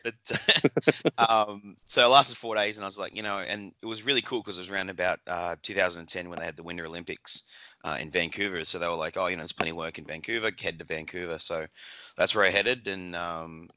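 Bright-voiced Australian man, laughing storyteller. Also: low voice, fairly even intonation, a little fast, no echo. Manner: chatty, laughs often, many fillers and restarts. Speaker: podcast guest. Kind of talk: casual interview chat.

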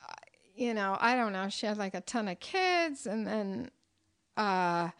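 A woman's voice: medium pitch, expressive, measured pace, a bit bright, smooth, low-quality recording. A middle-aged woman, a restaurant owner and cookbook author, telling stories in a casual interview chat, with lots of fillers and frequent laughter. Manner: chatty storyteller, laughs often, many fillers.

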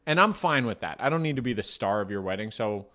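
A man's voice: lowish voice, lively intonation, quick pace, pushed and bright. A man in his thirties casually telling a self-deprecating story on a podcast, rambling and laughing at himself.

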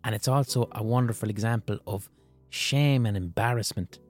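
A man's voice: lowish voice, normal speed. Guy doing his solo podcast, blunt and chatty, swears a lot, faint music underneath. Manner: blunt and conversational, swears freely. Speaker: podcast host. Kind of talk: casual solo podcast monologue.

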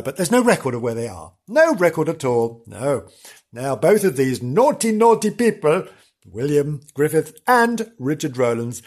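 Lively, husky, camp male podcast host. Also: medium pitch. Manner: camp, theatrical, spooky dramatizing with sighs of "oh". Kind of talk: comedic storytelling chat.

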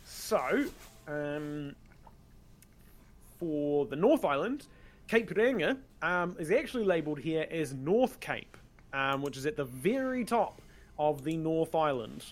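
A New man hosts a casual online game show, his voice sitting fairly high for a man. He talks in an easygoing way, padding his sentences with "um" and "like". Faint noise and keyboard clicks are audible behind him. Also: slow pace. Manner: relaxed, many "um" fillers, informal. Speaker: podcast host running a game show. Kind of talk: casual chat.

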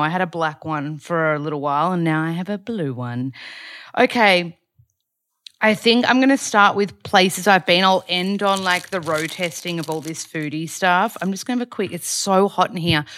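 A woman's voice: on the low side, fairly bright tone, dry recording, clean studio sound. A woman with an Australian accent hosting a casual diary podcast, chatting in an upbeat way and sprinkling in "like". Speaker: podcast host. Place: small closed room at home.

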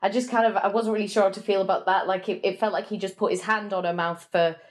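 A woman's voice: mid-range voice, fairly even intonation, fast. Casual woman giving her film opinions. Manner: casual, with frequent "like" and "you know". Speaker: podcast panelist.

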